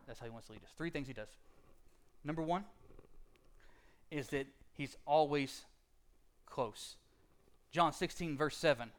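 A man preaching a sermon in a conversational way, with jokey asides and casual slang, dropping to a hush and then building to loud, emphatic stretches. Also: on the high side. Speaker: pastor.

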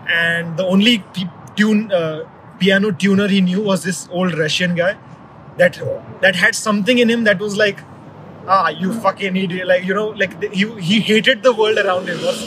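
A man's voice: sits high, fairly even intonation, normal speed, crowd noise, rough recording. A man in casual conversation, telling a story in a rambling way with many restarts.

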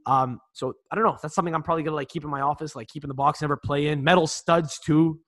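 A man's voice: fairly high pitch, steady tone, quick pace, a bit bright, no room sound. A man in his twenties co-hosting a football podcast, chatting casually with frequent swearing, laughter and restarts. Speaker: podcast co-host. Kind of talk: casual chat.

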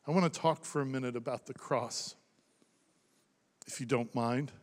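A man in his thirties preaching a sermon as pastor, impassioned, rising to loud emphasis and dropping to hushed near-whispers. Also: mid-range voice, normal speed. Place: church sanctuary. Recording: long reverb of a large hall.

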